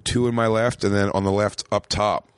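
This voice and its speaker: A rambling man trades stories in loose podcast chat and leans on "like" constantly. His voice sits low, and the sound is dry and close, with no room around it. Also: little pitch movement, moderate pace, clear, resonant tone, no room sound. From Philadelphia, USA. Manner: rambling storyteller, lots of "like" fillers. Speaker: comedian, podcast guest. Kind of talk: casual chat.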